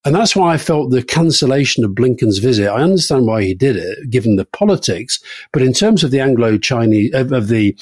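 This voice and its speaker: Middle-aged guy on a politics podcast, chatty storyteller, dry close sound, mid pitch. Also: a little fast, slightly rough, dry recording. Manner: anecdotal, lively storytelling with laughs. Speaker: podcast co-host. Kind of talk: casual political chat.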